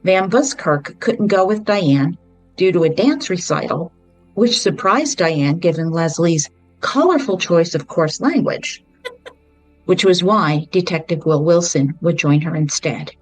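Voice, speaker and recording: A woman hosting a podcast, retelling a true-crime book in a measured storytelling way with brief personal asides. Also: fairly low pitch, lively intonation, no room sound, faint music behind, rough recording. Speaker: podcast host.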